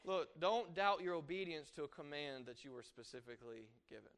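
Man, high voice, preaching a sermon, animated delivery, swings between loud and quiet. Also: brisk. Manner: animated, rising and falling with emphasis, acting out quoted voices.

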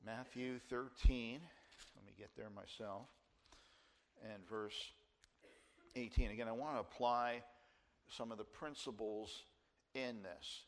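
An older man in his sixties delivers a sermon from the pulpit. His voice sits at an ordinary middle pitch, and he pushes his key phrases up with earnest, emphatic stress. He comes from New Jersey. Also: fairly even intonation, slow pace, long pauses. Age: 60s. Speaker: pastor.

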